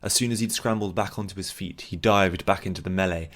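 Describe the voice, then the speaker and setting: A male narrator reads a fantasy novel aloud in a steady, measured way. His voice sits very low and deep throughout. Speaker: audiobook narrator.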